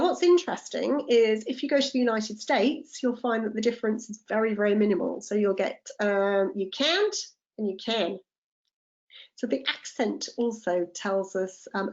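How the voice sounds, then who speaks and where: A woman's voice: mid-range voice, darkish tone, highs cut off. A woman, a tutor running a live online teacher-training lesson, explaining step by step and checking in with the group. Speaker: TEFL tutor.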